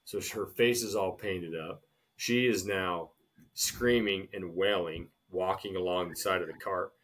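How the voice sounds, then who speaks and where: A man co-hosting a casual podcast, telling a long shopping story in an animated way and often calling his friend "dude.". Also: measured pace. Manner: animated storyteller, swings loud and high acting out scenes, says "dude" a lot. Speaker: podcast co-host.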